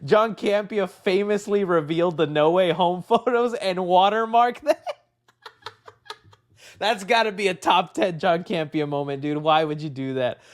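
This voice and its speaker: A young man hosting a live stream, rambling and excitable, saying "dude" often and laughing a lot. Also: high-pitched, a little slow. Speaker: livestream host. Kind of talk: casual live-stream chat.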